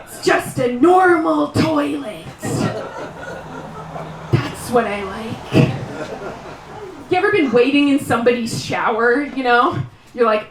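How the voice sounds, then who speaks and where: A woman from Canada performing a live stand-up comedy set, chatty and rambling, with quick asides and mock complaints. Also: high voice, animated. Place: live show at a small guesthouse venue. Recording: roomy distant live room sound.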